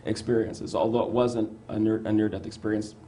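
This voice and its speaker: A middle-aged man, a psychiatrist, telling a personal story in an interview, animated and stumbling over restarts, acting out the lines he quotes. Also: on the low side, fairly quick, a little hiss or hum. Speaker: psychiatrist guest.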